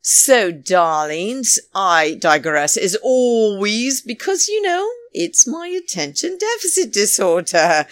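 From her home in New York, a woman hosts a podcast, rambling through a casual monologue in a chatty, theatrical style and repeatedly calling her listeners darlings. Her voice is medium in pitch, with no echo.

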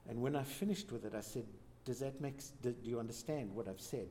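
A man, a pastor, telling a church testimony as a lively storyteller who acts out the quoted lines. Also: medium pitch, quick pace, a little hiss or hum. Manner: animated storyteller, voices quotes.

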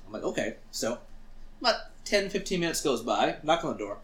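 A man's voice: fairly high pitch, brisk, reverberant, slight background noise. A man co-hosting a podcast, telling a story casually and acting out what he said. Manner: animated, acts out quotes of himself. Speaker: podcast co-host.

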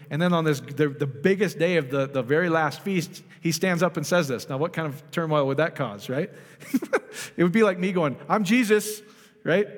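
A man preaching a casual, conversational sermon, often asking the congregation questions and restarting his sentences. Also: fairly high pitch. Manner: chatty, asks the congregation questions, many restarts. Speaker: pastor. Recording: long hall reverb.

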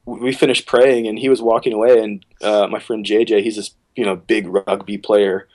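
A man's voice: moderate pace, poor audio. A man, a worship leader, casually telling a long story on a podcast and acting out what people said. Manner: relaxed storyteller, acts out quotes with sudden pitch jumps.

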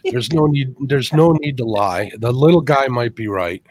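Male co-host, mid-pitched, bantering, dry close sound. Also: animated, normal speed, a little mellow, no echo. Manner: friendly banter, greets viewers by name. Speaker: co-host running a giveaway. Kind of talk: casual live-stream chat.

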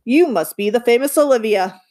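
Woman doing a booming, friendly man. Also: expressive, normal speed, natural voice. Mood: hearty. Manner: loud hearty greeting. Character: booming friendly grown man, secretly nervous.

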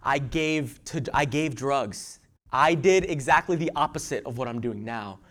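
Male pastor, middle-aged, emphatic sermon delivery with big loud-to-quiet swings and repeated restarts. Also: mid-range voice, unhurried. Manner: repeats words and restarts while telling a personal story.

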